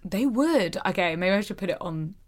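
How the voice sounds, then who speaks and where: A woman co-hosting a podcast, chatting casually, excitable and giggly, swearing freely. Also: mid-range voice, moderate pace. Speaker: podcast co-host. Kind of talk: casual chat.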